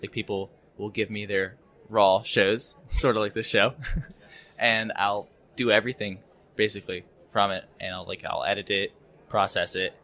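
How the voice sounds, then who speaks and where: A young man as a podcast guest, talking haltingly with many fillers and repeated words at a conference. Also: on the low side, level tone, sharp tone. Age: young adult. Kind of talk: casual interview chat. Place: conference venue.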